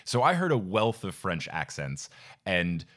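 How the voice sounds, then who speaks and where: Man, podcast host, low voice, lively pitch, casual chat, lots of "like". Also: measured pace. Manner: animated, laughs often, says "like" a lot. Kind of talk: casual book discussion.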